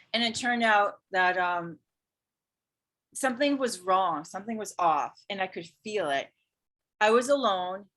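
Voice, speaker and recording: A woman who teaches yoga and spirituality, telling a personal story in casual conversation, earnest and animated. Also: mid-range voice. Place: Hawaii.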